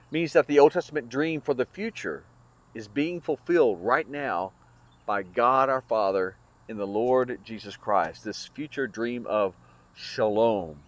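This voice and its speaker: Earnest man teaching a Bible lesson. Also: medium pitch. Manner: earnest, explanatory with frequent fillers and restarts.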